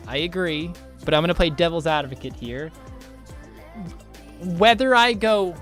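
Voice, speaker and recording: On a laid-back game stream, a twenty-something American man speaks in a fairly bright voice on the high side. He's loose and profane, reading his viewers' chat out loud and riffing off it.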